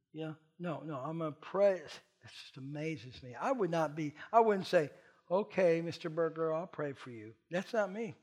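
A man preaching a sermon as pastor, talking conversationally and swinging from soft asides to loud, emphatic lines. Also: high-pitched.

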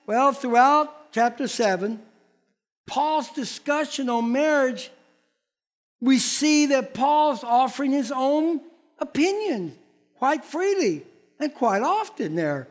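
A man's voice: very high-pitched, lively intonation, slow pace. An older man, a pastor, preaching a sermon in a folksy, blunt manner and acting out quoted voices.

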